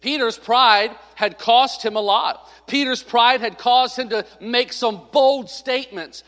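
A pastor with a very high, slightly bright voice preaches a sermon at a somewhat slow pace. He tells a story in a conversational, humorous way, acting out the voices of the people he quotes. The recording carries a long hall reverb.

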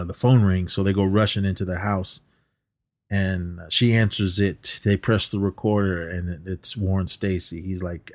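A man's voice: sits low, darkish tone, no room sound. A man co-hosting a podcast, casually retelling a film's plot in a rambling way and quoting the characters as he goes. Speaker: podcast co-host. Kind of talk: casual film recap chat.

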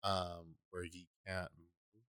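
A man in casual chat, speaking quietly and in an unhurried, drawn-out way. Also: deep voice, flat delivery, clean tone, no room sound, clean studio sound.

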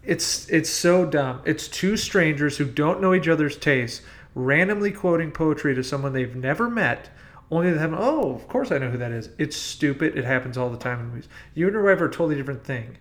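A man's voice: fairly high pitch, a little fast, fairly bright tone. A man hosting a casual movie podcast, ranting bluntly about film clichés. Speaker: podcast host. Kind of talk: casual movie-review chat.

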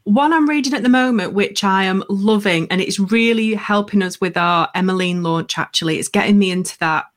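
A woman's voice: medium pitch, a little fast, few pauses. Outspoken woman, podcast guest. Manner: outspoken, frank, laughs easily. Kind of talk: casual interview chat.

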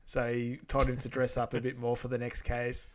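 A man's voice: medium pitch, monotone, normal speed. Man, podcast co-host, easygoing scene retelling, lots of ums, online call. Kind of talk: casual movie recap narration.

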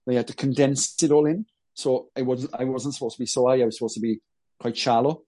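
Welsh man, dark dry voice. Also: medium pitch, quick pace, no room sound, low-quality recording. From Wales. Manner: rambling, excitable storyteller. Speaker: guest, former band drummer. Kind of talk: casual podcast chat.

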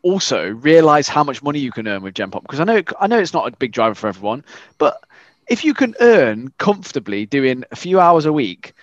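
A man in his thirties from England, chatting casually as a podcast co-host, animated and sweary. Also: a little high, brisk, dry recording, lo-fi sound. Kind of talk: casual chat.

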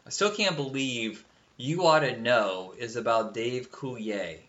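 A man's voice: mid-range voice, unhurried, fairly bright tone. A man co-hosting a podcast in casual chat, rambling and swearing, often breaking into goofy cartoon impressions. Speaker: podcast co-host. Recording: dull lo-fi sound.

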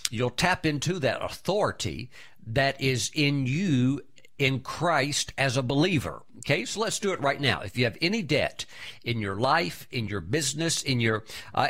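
A man preaching a sermon as a pastor, emphatic, rising loudly when he voices commands and prayers. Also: medium pitch.

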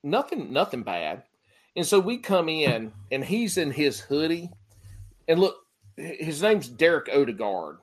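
A man hosting a casual chat, telling stories in an animated, joking way and swearing freely. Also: on the high side, measured pace. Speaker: podcast host.

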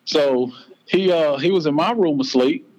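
A man's voice: on the high side, measured pace, a little mellow, rough recording. A man in his forties with a Southern US accent, telling a personal story as a podcast guest in an earnest, heartfelt way. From North Carolina, US.

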